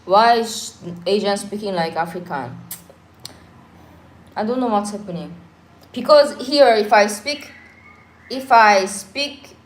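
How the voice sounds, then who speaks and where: Woman, reflective, roomy echo. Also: mid-range voice. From Korea. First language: Korean. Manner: reflective, earnest, mixes in pidgin phrases. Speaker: livestream co-host. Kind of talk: casual live chat. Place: home during a power cut.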